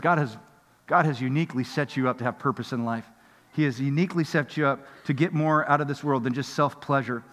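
A middle-aged male pastor giving a conversational sermon that builds into animated storytelling. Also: on the high side. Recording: long hall reverb.

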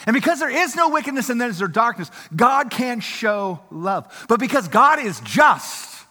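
A man preaching a sermon in an animated, emphatic way, swinging between loud passages and hushed ones. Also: extremely high pitch, moderate pace. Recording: reverberant hall.

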